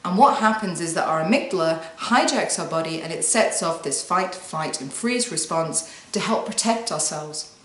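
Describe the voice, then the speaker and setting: A woman talking to camera as a wellbeing coach, giving calm, soothing step-by-step instructions and guiding the listener through breathing. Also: on the low side, moderate pace. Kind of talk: guided self-help talk to camera. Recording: echoey room.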